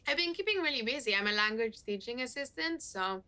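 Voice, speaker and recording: A woman's voice: a little high, lively intonation, a little fast, background noise, lightly acted. An actress with a Spanish accent playing a playful young woman on a video date in a game. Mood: chatty. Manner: teasing, playful. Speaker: dating match. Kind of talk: game voice acting. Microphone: video call.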